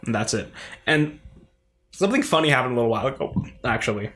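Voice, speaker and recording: A man's voice: mid-range voice, animated, a little fast, a bit bright. A young man co-hosting a podcast, telling stories in a rambling, filler-heavy way with frequent laughs. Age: young adult. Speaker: podcast co-host. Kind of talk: casual chat.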